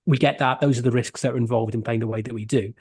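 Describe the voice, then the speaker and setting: A man's voice: mid-range voice, steady tone, quick pace, darkish tone, husky, dry recording. A man talks through a football match on a podcast in an earnest, analytical way and leans on many fillers. His voice sits mid-range. The recording is dry and close, with no room sound. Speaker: podcast co-host. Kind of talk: casual football podcast chat.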